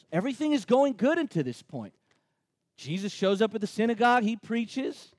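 A man's voice: sits high, moderate pace, dry recording. A man preaching a sermon, joking and acting out the crowd's reactions. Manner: animated, joking asides, acts out crowd reactions. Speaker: pastor.

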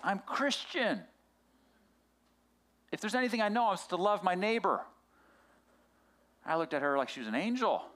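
A man's voice: high voice, a bit bright. A middle-aged man preaching a sermon as a pastor, telling a personal story with many restarts and asides.

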